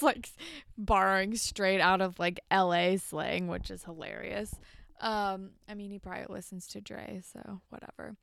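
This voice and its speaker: A woman's voice: medium pitch, vocal fry, a bit bright, clear, resonant tone, no room sound, clean studio sound. A young woman co-hosting a podcast, chatting casually and acting out characters' lines. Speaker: podcast co-host. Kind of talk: casual recap chat. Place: New York.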